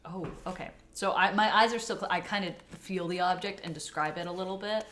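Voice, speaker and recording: A woman's voice: fairly low pitch, fairly even intonation, brisk, fairly bright tone, slight background noise. A woman co-hosting a podcast in casual chat, talking chattily, laughing often and restarting her thoughts. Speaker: podcast co-host. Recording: roomy echo.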